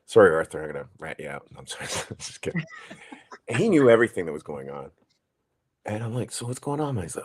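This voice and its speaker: Animated New man telling a wild story. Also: fairly low pitch, fairly quick, long pauses, slightly rough. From New York. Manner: animated storyteller, swears, acts out quoted people. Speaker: podcast co-host. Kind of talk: casual storytelling chat.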